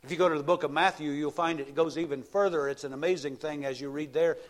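A middle-aged male pastor preaching a sermon, building to emphatic raised passages and slowing to repeat key lines. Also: a little high, steady tone.

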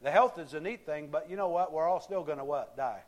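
A man delivers a sermon from the pulpit with a slightly raised pitch. He talks to his listeners in an easy, conversational way and keeps asking them rhetorical questions. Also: brisk. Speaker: pastor.

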